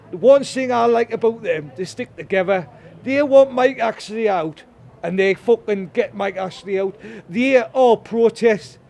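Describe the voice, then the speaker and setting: A man's voice: sits high, creaky, a little mellow. A man from Sunderland with a Sunderland accent, giving an angry, swear-filled street interview as a football fan and repeating himself often. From Sunderland, England. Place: outdoors in a town centre.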